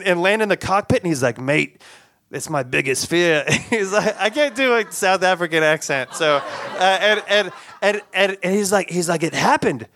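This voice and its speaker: A man telling a personal story aloud, halting and repeating words, with animated sound effects. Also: sits high, slight background noise.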